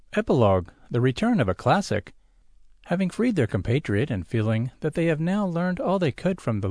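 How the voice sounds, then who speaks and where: A man's voice: darkish tone, no echo, clean studio sound. A man reading a science fiction story aloud, narrating and doing the characters himself. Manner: reads all character voices himself with small pitch shifts. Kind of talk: audiobook narration of a sci-fi story.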